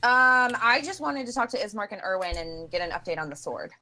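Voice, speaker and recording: A woman's voice: mid-range voice, animated, a little fast, bright, forceful tone, poor audio. Chatty, upbeat woman playing a tabletop game. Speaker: player.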